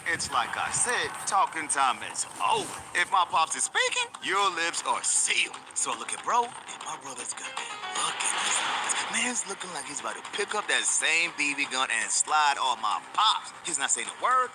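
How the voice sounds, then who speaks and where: A young man telling a storytime tale with slangy, dramatic flair. His fairly high voice swoops wildly up and down as loud music plays underneath. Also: huge pitch swings, moderate pace, few pauses. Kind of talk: animated storytime narration.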